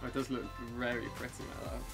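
A man's voice: mid-range voice, level tone, very fast, over music. A man chatting casually as a vlog guest, teasing and affectionate toward his partner. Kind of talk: casual chat.

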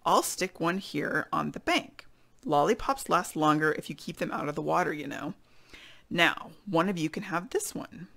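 A calm, resourceful young adventurer from a storybook, speaking in a steady, reassuring way, as a woman reads him. The voice stays low with a gravelly grain. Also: moderate pace, full character voice.

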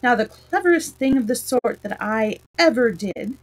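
A woman voicing a rambling, eccentric old male knight inventor who explains his ideas slowly and earnestly. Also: a little high, animated, slight background noise, lightly acted, poor audio. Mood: proud.

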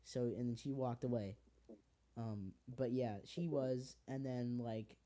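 Teenage guy, podcast host, rambling casual chat, heartfelt, lots of fillers, mellow dark voice. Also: mid-range voice, fairly even intonation, measured pace. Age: teens. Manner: rambling, heartfelt, swears freely with many fillers.

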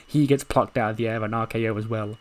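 Excitable man narrating a game's story. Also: on the low side, fast talker. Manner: excited, swearing, laughing at his own story. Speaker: video game commentator. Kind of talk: casual narration of a wrestling game.

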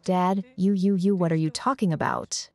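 A fairly low-pitched woman's voice for a young adult daughter, emphatic and repeating herself, as an actress dubs her. It is a dubbed drama voice-over. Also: moderate pace, a little mellow, lightly acted. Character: young adult daughter, heartfelt then furious.

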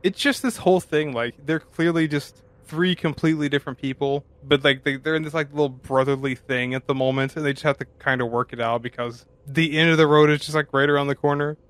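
A playful man in a casual podcast chat about a film, slipping into goofy voices now and then. His voice is a touch high for a man. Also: steady tone, brisk, hardly any pauses, fairly bright tone. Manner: playful, drops in silly voices. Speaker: podcast co-host. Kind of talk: casual movie-review chat.

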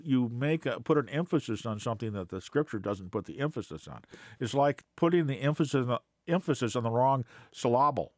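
A man's voice: mid-range voice, darkish tone, no room sound. A man giving an unscripted Bible teaching, hesitant with many fillers and restarts, then pressing points with scornful emphasis.

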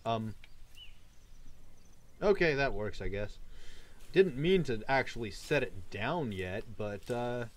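A man giving playful, jokey let's play commentary with sudden excited shouts. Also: medium pitch, slow, pauses often. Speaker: gaming channel host.

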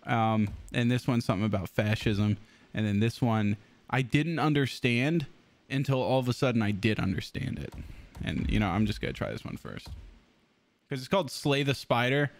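A man's voice: mid-range voice, normal speed. A man streaming a video game, chatting casually, swearing freely and laughing often. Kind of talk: casual live-stream chat.

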